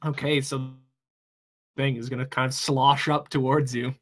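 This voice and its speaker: A game master narrating a tabletop superhero game, with a halting, rambling delivery full of restarts. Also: mid-range voice, flat delivery.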